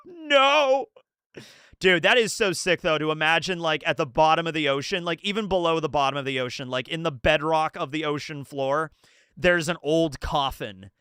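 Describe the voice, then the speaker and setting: Excitable bright-voiced man streaming commentary. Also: fairly high pitch, normal speed, smooth, no echo, clean studio sound. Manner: excitable, rambling, laughs often, acts out quotes. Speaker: manga breakdown streamer. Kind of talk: casual live-stream commentary.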